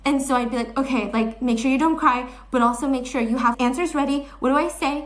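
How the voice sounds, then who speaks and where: A woman's voice: sits high, quick pace. A woman telling a personal story in an earnest, shaken, self-questioning way. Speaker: storyteller vlogger.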